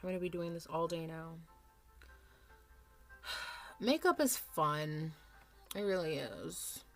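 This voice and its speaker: Woman, 30s, makeup vlogger, slow rambling chat, low voice, swears, faint music. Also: expressive. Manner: rambling, chatty, swears freely. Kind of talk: casual makeup vlog.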